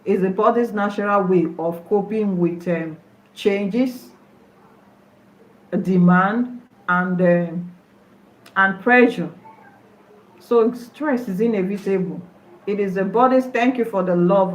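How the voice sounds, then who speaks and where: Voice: medium pitch, slow pace, pauses often. A nurse giving a health talk on a live stream, repeating questions to viewers. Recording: echoey room, dull lo-fi sound.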